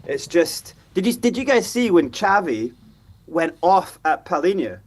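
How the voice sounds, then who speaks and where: A man talks through a football match in a heated fan chat. His voice sits high and sounds a little husky. He gets worked up and mimics what the players say. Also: measured pace. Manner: animated, frustrated, acts out players' voices. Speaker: fan show host. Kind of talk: passionate football reaction chat.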